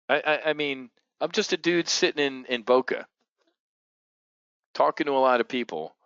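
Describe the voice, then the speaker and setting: A man's voice: medium pitch, no echo. Ranting, profane man on a dull stream. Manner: blunt, profane, ranting, swings loud and quiet. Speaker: trading show host. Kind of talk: live-streamed market commentary.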